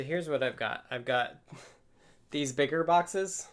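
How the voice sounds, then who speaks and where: A man's voice: a little high, animated, unhurried. A man hosting a casual live stream from his home workspace, thinking aloud and explaining things step by step. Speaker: livestream host.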